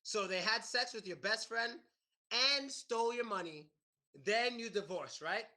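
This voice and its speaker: High, bright-voiced American man teaching class. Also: unhurried. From United States. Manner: animated, repeats questions to a live class. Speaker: English teacher. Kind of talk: classroom lesson.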